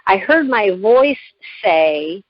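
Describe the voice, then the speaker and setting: A woman guest in an interview, telling a personal story with lively, emotional delivery and frequent restarts. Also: mid-range voice, slow pace, no room sound, lo-fi sound. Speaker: guest, living kidney donor.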